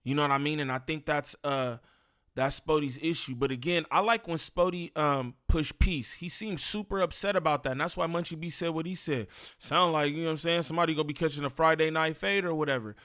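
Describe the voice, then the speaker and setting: A man's voice: on the high side, a little fast, a bit bright, smooth. A man giving casual reaction commentary, slangy and repetitive as he talks. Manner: casual, slangy, repeats himself.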